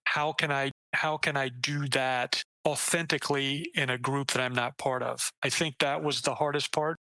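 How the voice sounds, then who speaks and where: A man, a debut author, chatting casually in an interview, animated and acting out quoted lines, swearing casually and restarting sentences. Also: moderate pace, dry recording, rough recording. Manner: animated, acts out quoted lines with jumps in pitch.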